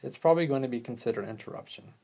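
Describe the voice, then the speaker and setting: A man's voice: medium pitch, racing, gravelly, warm tone. A man talking alone on his show in an unscripted, wandering way. He mixes earnest advice with casual swearing and mocks himself in passing. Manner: rambling, profane, joking at himself. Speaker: podcast host. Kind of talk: casual solo talk on listening skills.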